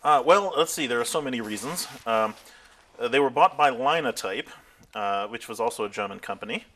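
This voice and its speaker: A middle-aged man in an interview, recalling his career as an animated storyteller who laughs often and acts out what others said. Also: mid-range voice, brisk. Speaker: interviewee, tech founder. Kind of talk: oral history interview.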